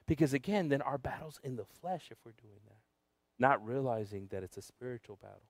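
A man preaching a sermon, telling a personal story with big swings from loud shouting down to a near whisper, sometimes switching to Spanish for the congregation. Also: medium pitch, fairly quick, dry recording. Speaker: pastor.

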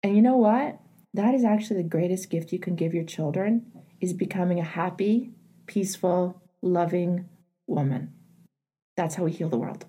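Husky, mellow woman coaching a caller. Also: on the low side, normal speed. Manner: earnest, emphatic, plainspoken. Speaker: advice show host.

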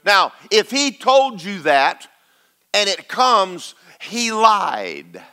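Bright-voiced preacher man. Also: high-pitched, sing-song, drawn-out words. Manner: emphatic, repeats lines for stress, calls out to the congregation. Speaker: pastor. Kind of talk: sermon.

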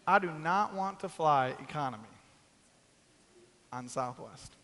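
A man's voice: fairly high pitch, expressive, unhurried, fairly bright tone, in a large hall. A man preaching a sermon, telling a comic story and acting out the quoted voices. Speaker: pastor.

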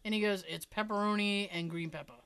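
A woman's voice: mid-range voice, steady tone, fast talker, fairly bright tone, clear, resonant tone. A woman chatting casually, telling funny family stories with lots of swearing and laughter. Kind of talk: casual chat.

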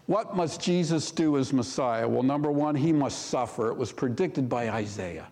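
A man preaching a sermon as pastor, reading scripture aloud with rising emphasis and dropping to a hush for key points. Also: medium pitch, animated, normal speed, in a large hall.

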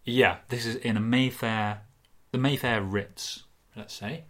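A man co-hosting an improvised comedy podcast, running the scenario in a dry, deadpan way. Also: mid-range voice, slow pace. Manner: deadpan, dry, setting up absurd twists.

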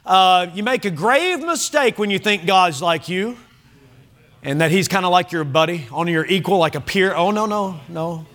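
A man's voice: high-pitched, normal speed, a bit bright. A man preaching an earnest sermon as pastor, quoting scripture in old-fashioned wording. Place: church sanctuary.

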